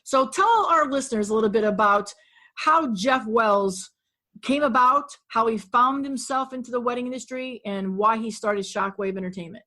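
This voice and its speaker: A woman's voice: on the high side, normal speed, bright, forceful tone. A woman hosting an interview podcast, upbeat and speaking straight to her listeners. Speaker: podcast host.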